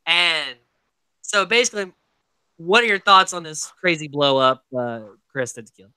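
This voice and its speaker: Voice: medium pitch, lively intonation, normal speed, sharp tone, smooth, dry recording. A podcast host animatedly recapping episode drama in a casual, story-driven way, full of "like" and "he's like".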